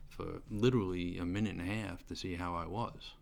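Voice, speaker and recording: A man's voice: deep voice, steady tone, fairly quick, creaky. A middle-aged man, telling a personal story in casual, rambling speech full of fillers and restarts. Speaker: storyteller recounting his sentencing. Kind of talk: casual spoken testimony. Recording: faint background noise.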